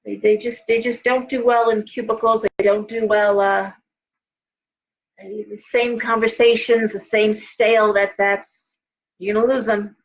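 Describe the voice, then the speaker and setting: A woman's voice: mid-range voice, little pitch movement, measured pace, dull audio. A tired middle-aged woman hosting a live tarot reading, talking in a chatty, rambling way with many restarts and asides. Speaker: host and tarot reader.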